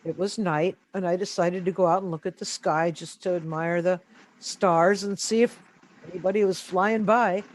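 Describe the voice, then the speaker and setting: A man being interviewed, telling a story in a casual, animated way with many fillers. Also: high voice, normal speed. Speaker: interview guest.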